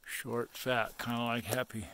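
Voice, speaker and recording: A man's voice: mid-range voice, fairly even intonation, a little slow, bright, forceful tone, a little hiss or hum. A tired, heartbroken man vlogging outdoors while searching for his lost dog, rambling and cursing as he rants. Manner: rambling, profane ranting. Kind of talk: casual outdoor vlog. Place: outdoors in dry woods and arroyos.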